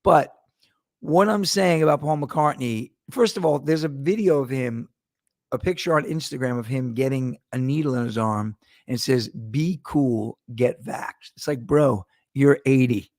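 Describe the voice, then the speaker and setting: A man's voice: mid-range voice, moderate pace, a little mellow, no room sound, studio quality. A middle-aged man hosting his own show, rambling through a casual monologue with profanity and digressions. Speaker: podcast host.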